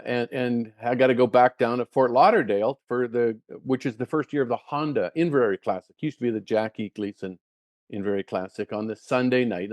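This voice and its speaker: An older man, a guest and former touring golfer, telling stories in a casual, animated way with many restarts and repeated words. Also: mid-range voice, dry recording. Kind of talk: casual storytelling.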